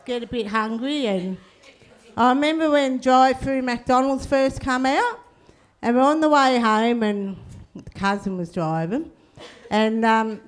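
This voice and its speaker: A middle-aged woman, telling stand-up stories in a laid-back, cheeky way and tagging lines with "eh?". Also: high voice. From Australia. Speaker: comedian. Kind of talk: stand-up storytelling.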